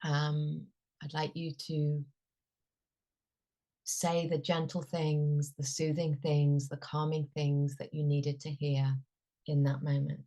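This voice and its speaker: A woman coach leading a workshop, speaking in a gentle, soothing way with frequent pauses. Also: deep voice, flat delivery.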